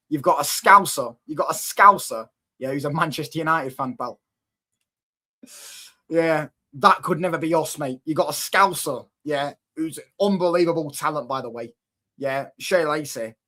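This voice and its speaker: A young man hosts a casual football watchalong stream, bantering with viewer comments, repeating himself, and constantly asking if you get what he's saying. He has a fairly high, bright voice with a forceful edge.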